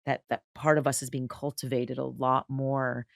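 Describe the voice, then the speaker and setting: A woman's voice: a bass voice, flat delivery, normal speed, no echo, studio quality. A woman entrepreneur talking animatedly as a podcast guest, emphatic, restarting and repeating words as she goes. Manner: drops into soft, breathy quoted voices. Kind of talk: casual conversational interview.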